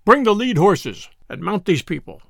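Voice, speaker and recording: A man's voice: high voice, very animated, normal speed, vocal fry, bright, forceful tone, no echo, studio quality, exaggerated voice. A man voicing a stern, arrogant nobleman who speaks sharply and commandingly in an old-fashioned storybook tale.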